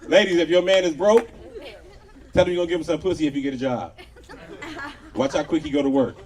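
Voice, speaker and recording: Quick-paced and a little mellow, a slightly high-voiced man in his thirties from Los Angeles performs live stand-up at an outdoor patio comedy show. The set is loose and profane, with lots of crowd work, and the distant live audio includes crowd laughter.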